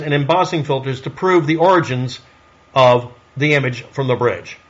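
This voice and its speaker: A man's voice: a little high, a bit bright, dull audio. A man delivering a solo commentary monologue in a snarky, sarcastic way, firing off rhetorical questions. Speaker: online commentator.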